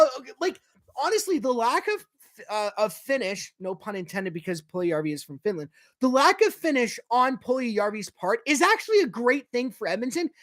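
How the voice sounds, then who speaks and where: A man's voice: extremely high pitch, dry recording. Man, fan game commentary, profane and heated, dry home-mic sound. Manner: ranting, profane, swings from shouting to muttering. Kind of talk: fan watch-along commentary. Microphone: personal mic.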